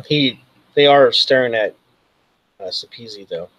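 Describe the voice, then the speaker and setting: A man's voice: medium pitch, big pitch swings, takes it slowly, a bit bright, breathy edge, dry recording, poor audio. A man narrating as game master, loosely and with many fillers. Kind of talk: narrating a tabletop role-playing game.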